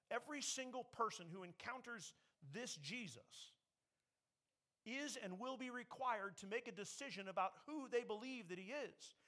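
A man's voice: high voice, sharp tone. A man preaching a sermon, emphatic, raising his voice when he quotes scripture. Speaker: pastor.

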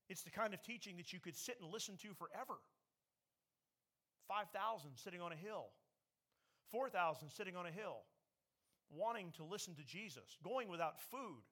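Man, preacher, sermon, emphatic, bright tense tone. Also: high-pitched. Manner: emphatic preaching, quoting scripture with raised voice. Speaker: pastor.

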